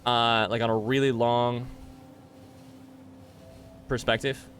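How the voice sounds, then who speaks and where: A man's voice: mid-range voice, level tone, slow, fairly bright tone. Male streamer, winded from push-ups, rambly live chat with his viewers. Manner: rambling, thanks chat by name, thinks aloud. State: out of breath.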